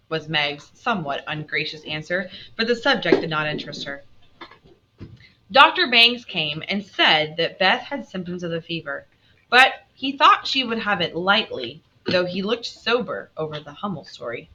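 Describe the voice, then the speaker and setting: A woman teacher reading a novel aloud to her class, expressive, stopping to quiz her students. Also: low-pitched, moderate pace, highs cut off.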